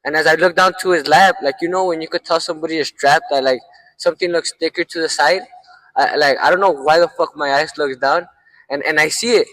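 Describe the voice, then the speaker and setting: A man's voice: fairly high pitch, steady tone, brisk, fairly bright tone, rough recording. A young man hosting a podcast, telling a story in a rambling, profane way with lots of fillers. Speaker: podcast host. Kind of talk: casual storytelling.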